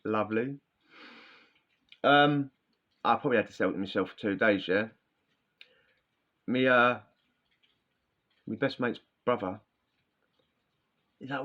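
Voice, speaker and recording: A man's voice: medium pitch, measured pace, pauses often. A man telling prison stories in a chatty, slangy, rambling way. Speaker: podcast host. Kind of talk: casual storytelling. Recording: dull lo-fi sound.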